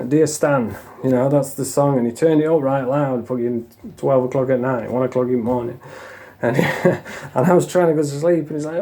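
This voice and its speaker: A man's voice: mid-range voice, a little fast, mellow. A man telling stories in a blunt, casual way, with lots of swearing and a laugh now and then. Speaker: storyteller. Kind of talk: casual storytelling.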